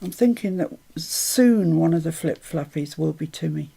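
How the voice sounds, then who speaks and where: A woman talks through her crafting on a live stream in a chatty, self-mocking way. Her voice has a gravelly, creaky edge and a dark, mellow tone. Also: sits low, animated, moderate pace.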